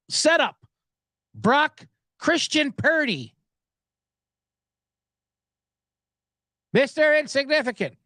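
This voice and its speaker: A man's voice: high voice, fairly bright tone, no echo. Male betting-podcast host, rambling and jokey, dry close sound. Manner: rambling, joking, gets worked up. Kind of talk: casual sports betting podcast.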